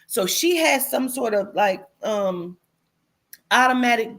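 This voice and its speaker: A woman casually recounting a vivid dream, animated and profane, acting out what people said. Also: on the high side, slow. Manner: animated, profane, acts out quotes. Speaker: host. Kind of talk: casual storytelling.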